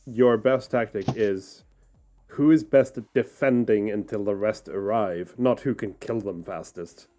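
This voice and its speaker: A man who is the game master of a tabletop game, talking casually and haltingly with many fillers. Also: lowish voice, mellow, faint music behind.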